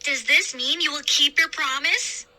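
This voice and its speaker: A woman voicing an excited young boy who speaks in high, urgent outbursts. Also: moderate pace. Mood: demanding.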